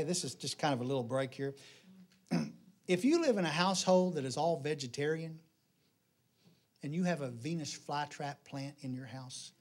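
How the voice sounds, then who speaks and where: A middle-aged man preaching a sermon in a church, folksy and joking, telling stories with animated delivery. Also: on the high side. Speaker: pastor. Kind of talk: sermon with jokes.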